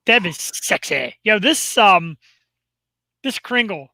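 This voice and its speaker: A man co-hosts a live talk show, joking around in quick excitable bursts. His voice is bright and forceful, recorded close and dry with no room sound. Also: high-pitched, gravelly, no echo, rough recording. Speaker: co-host. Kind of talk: casual chat.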